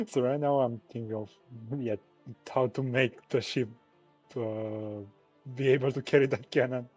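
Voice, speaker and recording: A man role-playing his character in a tabletop game, easygoing and quick to laugh. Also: mid-range voice, fairly even intonation, a little mellow, soft background music. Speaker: player.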